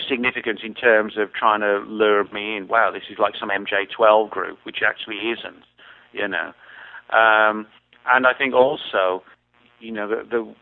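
An English-accented man talking casually as a guest, rambling with many restarts. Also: mid-range voice. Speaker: guest researcher. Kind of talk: casual interview talk. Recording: tinny phone-like line.

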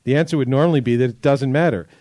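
A man's voice: medium pitch, rapid-fire, dark tone, no echo. Thoughtful man on a dry mic. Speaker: podcast co-host. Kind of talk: casual panel discussion.

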